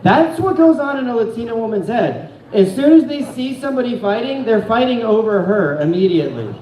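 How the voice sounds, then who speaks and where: A man's voice: very high-pitched, animated, brisk, a little mellow, roomy sound, a little hiss or hum, rough recording. A young man from Phoenix doing stand-up storytelling, rambling and profane, with a self-deprecating streak, on a comedy club stage. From Phoenix, Arizona.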